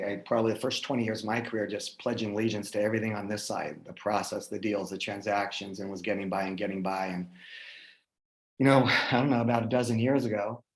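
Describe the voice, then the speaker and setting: A low-voiced man with a gravelly edge, chatting as a guest on a casual call. He tells personal stories in an animated, loose way, restarting phrases and tossing in "right?" as he goes. His delivery is relaxed and conversational. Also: rough recording. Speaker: guest speaker.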